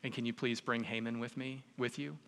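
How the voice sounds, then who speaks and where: A man's voice: mid-range voice, steady tone, a little fast, a bit bright, a little hiss or hum, close to an everyday voice. A man voicing a young queen who asks her requests politely and carefully. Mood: coaxing. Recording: long reverb in a large hall.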